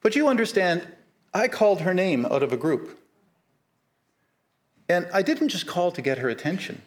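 A middle-aged man preaching a sermon, earnest and measured, slowing down to stress key points. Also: high-pitched, lively intonation, slight background noise. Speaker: pastor.

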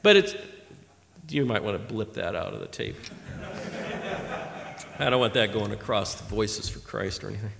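A man preaching a sermon in an animated way, swinging from loud emphasis to quiet asides. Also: on the low side, normal speed, gravelly, pauses often. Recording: long hall reverb.

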